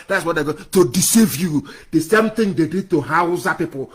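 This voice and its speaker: A high-voiced man with a Nigerian English accent speaks in a fiery, scornful way. He hammers his points home by repeating phrases, like an activist rallying his followers in a political broadcast. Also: moderate pace, few pauses, husky.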